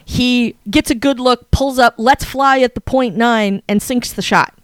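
Excitable higher-voiced woman telling a story. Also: unhurried, smooth, no echo. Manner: excitable storyteller, acts out her own reactions. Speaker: podcast co-host. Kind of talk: casual chat.

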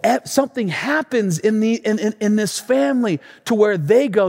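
A man preaching a sermon as pastor, telling a story with animated, emphatic repetition. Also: sits high, moderate pace, gravelly, hardly any pauses, big-room sound.

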